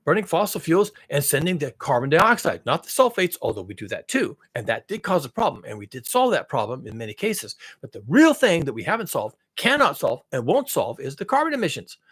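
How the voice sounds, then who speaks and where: A man delivering a profane, sarcastic rant monologue, mocking as he swings between shouting and muttering. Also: on the high side, huge pitch swings, fairly quick, breathy edge. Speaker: commentary channel host.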